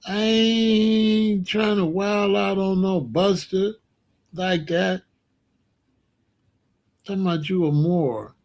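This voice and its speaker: A man giving casual, mocking online commentary in an animated way, often laughing and coming back to the same catchphrase. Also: high-pitched, slow pace, gravelly, long pauses.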